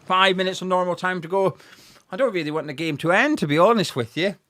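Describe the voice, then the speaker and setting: A young man, talking fast and excitedly as he commentates live on a football match for viewers. He chats informally, thanks viewers by name and reacts to the play. His voice sits a little high for a man. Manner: excitable, chatty, reads out viewer messages. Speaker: fan channel host.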